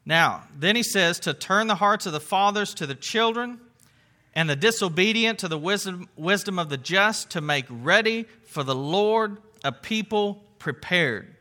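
A man with a high, piercingly bright voice teaches scripture in a conversational sermon. He talks earnestly, leaning on words of wonder, and often stops to restart a phrase or fill a pause. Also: animated. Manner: earnest, with frequent fillers and restarts, emphatic exclamations. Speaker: Bible teacher.

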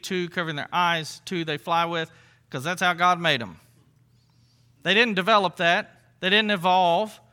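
A man's voice: sits high, pushed and bright. A man preaching a sermon to his congregation, conversational, with rhetorical questions and asides. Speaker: pastor.

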